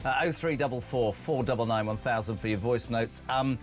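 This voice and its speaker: Middle-aged male breakfast radio host, jokey, mid-pitched. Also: fairly quick, faint music behind. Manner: jokey, reads out listener messages. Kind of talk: live radio phone-in chat.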